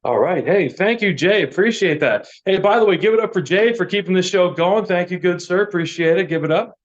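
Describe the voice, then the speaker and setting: A man's voice: high-pitched, lively intonation, fairly quick. A middle-aged man from Michigan doing a dry, self-deprecating stand-up set. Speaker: stand-up comedian. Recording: dull, lo-fi sound.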